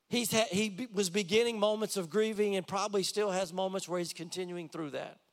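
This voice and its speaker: A pastor preaching a sermon in a conversational way, reading scripture aloud and adding personal asides. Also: male voice, sits high, fairly bright tone. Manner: reads scripture aloud between comments.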